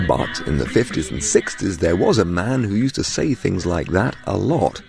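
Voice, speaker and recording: A man's voice: low voice, very animated, normal speed, vocal fry, loud music behind the voice. A man presenting a radio documentary, narrating a script with dry, wry storytelling.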